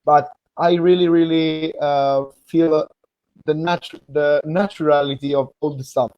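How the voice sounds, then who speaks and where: An Italian-accented man hosts a casual chat over a video call, his voice slightly high and very dry. He speaks haltingly, repeating words while he searches for the English. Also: steady tone, no echo, highs cut off. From Italy. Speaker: host.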